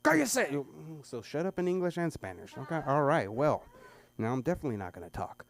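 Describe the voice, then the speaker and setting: A man's voice: mid-range voice, animated, a little fast. A middle-aged man telling a rambling stand-up story at an open mic, full of restarts and quoted voices. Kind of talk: stand-up set. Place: comedy club stage.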